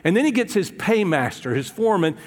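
A man delivers a sermon in a church, his fairly high voice ringing with the long reverb of a big hall. He tells the Bible story casually, stumbling and restarting, and slips into voices for the people in it. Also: very animated, fairly quick. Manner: conversational storytelling with hesitations and acted quotes. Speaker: pastor.

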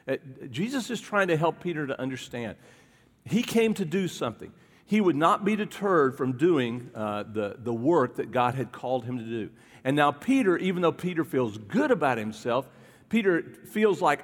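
A man's voice: on the high side, very animated, normal speed. Man preaching a sermon in a reverberant hall. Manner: conversational preaching, asks the congregation questions. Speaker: pastor. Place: church hall with a congregation.

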